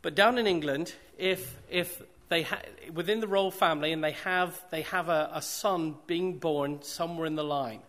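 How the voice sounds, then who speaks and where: A man's voice: a little high, normal speed, hardly any pauses, a bit bright. Man preaching with rhetorical questions. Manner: rhetorical questions, emphatic repetition. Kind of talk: sermon.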